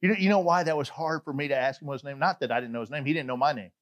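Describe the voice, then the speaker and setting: A middle-aged man from Atlanta, Georgia with a Southern accent, preaching a sermon as a chatty, animated storyteller with frequent asides. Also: a little high, rapid-fire, dull audio. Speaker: pastor.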